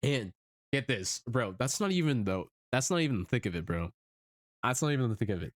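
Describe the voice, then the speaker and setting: A young man streamer telling a story in casual chat, animated, swearing often and laughing as he goes. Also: mid-range voice, a little fast, no room sound, studio quality.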